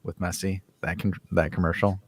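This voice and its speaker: A man's voice: deep voice, flat delivery, brisk, a little hiss or hum. A man co-hosting a casual call-in sports podcast, laughing often and acting out bits of stories. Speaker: podcast co-host. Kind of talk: casual call-in show chat.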